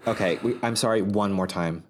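A man co-hosting a casual podcast chat, reacting with dramatic, expressive remarks. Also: on the low side, brisk, slight background noise. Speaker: podcast co-host.

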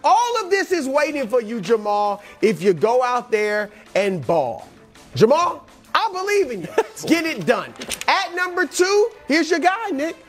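An animated man whose voice swings widely up and down as he hypes players one by one, like a pep talk. He co-hosts a sports talk show with a soft music bed behind him. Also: very high voice, unhurried. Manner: animated, hyped motivational delivery addressed to players. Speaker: co-host.

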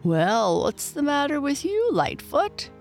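A woman's voice: high voice, wildly swooping pitch, takes it slowly, creaky, faint music behind, pitched above the performer's own voice, exaggerated voice. A woman voicing an old grandfather goat in a storybook reading, lecturing in a grandfatherly way. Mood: questioning.

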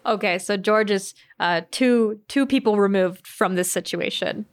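A woman's voice: mid-range voice, unhurried. A woman co-hosting a casual discussion, summing up points in a conversational way.

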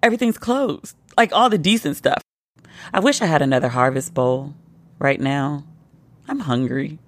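A woman's voice: deep voice, moderate pace, no echo, studio quality. A woman hosting a podcast, tipsy and telling a playful story in a casual monologue, now and then mimicking her friends. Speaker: podcast host.

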